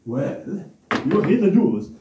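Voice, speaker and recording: A man putting on a voice for an excitable, boastful male character who speaks in childlike broken phrases and calls himself by name. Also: on the high side, slow, dull audio, noisy background. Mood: eager pleading. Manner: talks about himself in the third person, loud and gushing. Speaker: regular character of a children's Bible show. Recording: roomy echo, distant mic.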